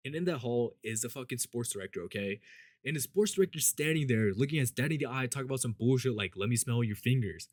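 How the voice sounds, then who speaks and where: Dude rambling thru a story, lots of swearing and "like", does the voices of the people in it, dry sound. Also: male voice, animated, fast, dry recording. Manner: rambling, swears a lot, fillers like "like" and "you know"; acts out quoted people with shifts in pitch and loudness. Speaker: vlogger telling a story. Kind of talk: casual storytime.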